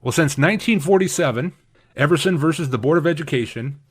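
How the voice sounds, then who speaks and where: Emphatic preaching man, fairly high voice. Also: lively intonation, fast talker, breathy edge. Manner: emphatic, repeats key phrases for stress; acts out quoted speakers in shifted voices. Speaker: pastor. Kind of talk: sermon.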